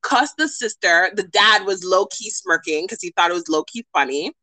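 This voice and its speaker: A woman co-hosting a podcast, telling a story in casual chat, animated and profane, acting out the people she quotes. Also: medium pitch, normal speed, dry recording, rough recording. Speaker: podcast co-host.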